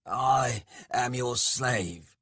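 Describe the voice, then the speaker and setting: A man's voice: medium pitch, drawn-out words, a bit bright, slightly rough, no echo, studio quality, pitched above the performer's own voice, exaggerated voice. A man voicing a hurt, cunning male dwarf who speaks coolly with feigned submission. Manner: cool, controlled, mock-submissive. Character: injured, cunning male dwarf hero, outwardly meek. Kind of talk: audiobook character voice.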